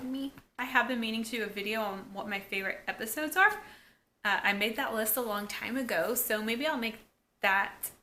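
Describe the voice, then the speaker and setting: Bright-voiced chatty woman vlogger. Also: a little high. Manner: chatty, filler-heavy, excited asides. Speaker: YouTube episode reviewer. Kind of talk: casual recap vlog.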